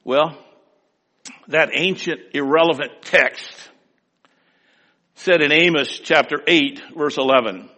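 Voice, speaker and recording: A man preaching a sermon, emphatic, swinging between loud, drawn-out declaiming and quiet asides. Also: a little high. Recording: long hall reverb.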